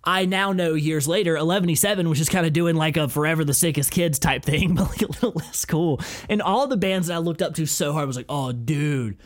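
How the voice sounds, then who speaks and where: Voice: medium pitch, fast talker, few pauses. A podcast host in casual chat, rambling, swearing freely and laughing often.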